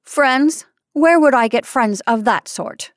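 Brief: woman as a defiant bedridden young woman, high and loud, dry close sound. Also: slow, dry recording. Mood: bitter. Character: fierce young woman patient, bitter and defiant.

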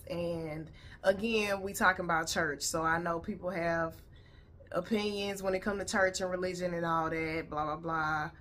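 A woman's voice: fairly low pitch, fairly bright tone. A woman vlogger chatting casually to her viewers, blunt and profane, tired and her voice a little worn. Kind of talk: casual reaction video chat. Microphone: headphones on.

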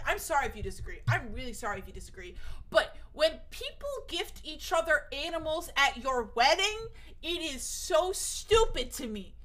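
Animated high-voiced young woman streamer. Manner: emphatic, frequent swearing, voice shoots up high when worked up. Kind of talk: casual stream chat.

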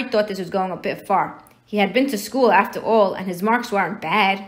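A woman reading a novel aloud, narrating the story in a steady storytelling manner. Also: mid-range voice, moderate pace. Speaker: reader.

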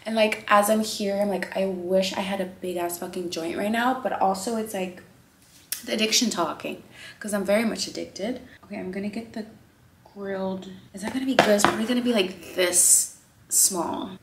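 A chatty young woman from the Netherlands vlogs candidly from her hotel room, her voice bouncing off the walls. Her pitch sits in the middle range. A faint hiss stays under her talk as she moves between loud exclamations and hushed asides. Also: moderate pace, vocal fry, echoey room. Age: 20s. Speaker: vlogger. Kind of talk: casual candid vlog chat. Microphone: handheld vlog camera.

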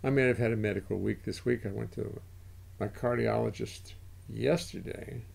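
A man's voice: lowish voice, fairly even intonation, normal speed, vocal fry, darkish tone, breathy edge. An older man hosting a livestream in casual chat, rambling and interrupting himself as he goes. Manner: rambling, self-interrupting, chatty. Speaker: livestream host.

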